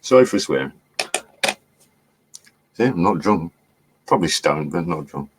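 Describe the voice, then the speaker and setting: A man's voice: sits low, lively intonation, unhurried, slight background noise. A middle-aged man chatting loosely on a livestream, laughing often and swearing now and then as he reads the chat. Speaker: livestream host. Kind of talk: rambling live-stream chat.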